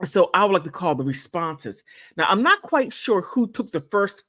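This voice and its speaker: A woman's voice: lowish voice, sing-song, normal speed, fairly bright tone. A woman hosting a casual commentary monologue, rambling with repeats and chatty asides. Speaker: channel host.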